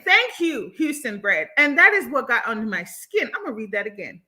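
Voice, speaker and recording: A young woman hosting a livestream, reading out chat comments and reacting with animated, outspoken commentary, laughing often and swearing. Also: a little high.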